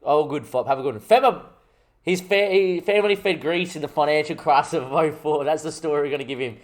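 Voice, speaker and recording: A young man hosting his gaming channel, chatting casually and jokily as he thinks out loud over gameplay. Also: on the high side, fairly quick. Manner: rambling, jokey, thinks aloud while playing.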